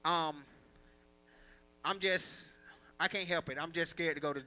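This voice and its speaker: Self-mocking man comic, bright high voice. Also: moderate pace, pauses often. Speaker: stand-up comic. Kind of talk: stand-up comedy set. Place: comedy club stage.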